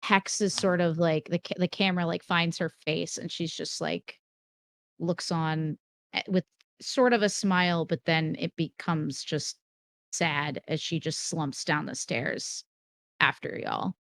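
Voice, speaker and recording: A woman's voice: sits low, fairly even intonation, a little slow, gravelly, fairly bright tone, dry recording. Woman player describing a scene, dry sound. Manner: vivid, cinematic describing. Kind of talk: casual tabletop game play.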